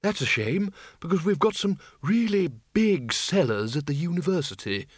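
A man voicing a very old dead wizard in a storybook reading, speaking quickly and slyly to persuade. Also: a little high, animated, husky, no room sound, clean studio sound, voice pushed up.

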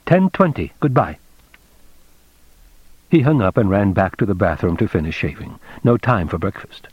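Brief: male narrator, measured clipped reading, husky, dry lo-fi sound. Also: low-pitched, expressive, dry recording. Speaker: audiobook narrator. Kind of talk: scripted narration. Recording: dull dry lo-fi recording.

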